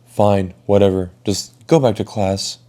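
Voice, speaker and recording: A man's voice: on the low side, measured pace, dark tone, natural voice. A young man quoting a stern, weary male school principal in a curt, disapproving way.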